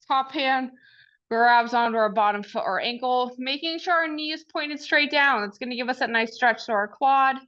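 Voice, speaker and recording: Brief: female workout coach, a touch high, unhurried and encouraging, slightly winded, dull lo-fi sound. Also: a bit bright. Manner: upbeat, encouraging cues with countdowns. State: out of breath. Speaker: fitness coach. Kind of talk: live workout class instruction. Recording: dull lo-fi recording.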